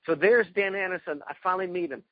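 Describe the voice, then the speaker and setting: A man being interviewed, telling excited stories about past fights and acting out quotes. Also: high-pitched, fast, no echo, muffled recording. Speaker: guest, karate fighter. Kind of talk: animated storytelling interview.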